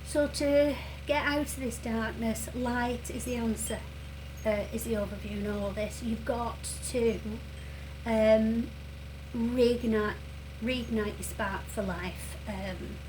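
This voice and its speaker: A woman giving a tarot reading who speaks gently and earnestly, with many pauses and fillers, and who sounds emotional and close to tears. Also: a little high, steady tone, slight background noise, rough recording. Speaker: tarot reader. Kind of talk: reassuring tarot reading to viewers.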